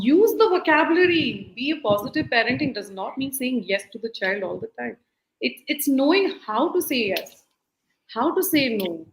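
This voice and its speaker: A woman's voice: a little high, reverberant, a little hiss or hum, low-quality recording. Woman, life coach, earnest advice, acts out voices, repeats phrases, video call. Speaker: life skills coach, guest. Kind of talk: earnest advice talk in a live-streamed interview.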